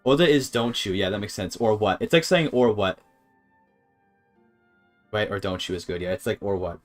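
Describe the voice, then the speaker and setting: A man's voice: on the low side, normal speed, faint music behind. A man streaming a game, thinking aloud in a hesitant, casual way with many restarts. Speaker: streamer learning a language.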